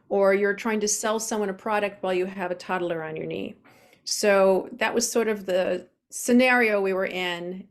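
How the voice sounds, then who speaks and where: A woman in her forties, a guest on an interview show, telling her personal story openly with many fillers. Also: medium pitch. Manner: open, earnest, with frequent fillers.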